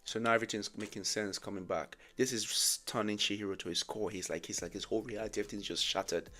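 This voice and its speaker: A man reviewing a manga, reading lines aloud and breaking into excited reactions. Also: on the low side, quick pace. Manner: reads dialogue aloud, reacts with loud bursts and laughs.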